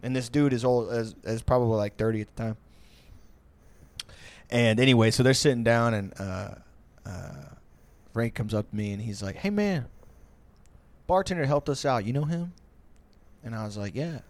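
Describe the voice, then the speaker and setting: A man's voice: mid-range voice, moderate pace, pauses often. Rambling, profane man telling bar stories. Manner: loose, profane, rambling with many fillers; slips into mocking voices for people in his stories. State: tipsy. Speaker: podcast host. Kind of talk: casual storytelling.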